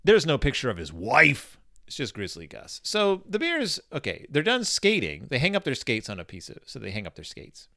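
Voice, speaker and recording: Animated, bright-voiced joking man. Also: medium pitch, moderate pace, vocal fry, no room sound, clean studio sound. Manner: joking, rambling tangents; sarcastic, animated. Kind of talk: comedic book commentary.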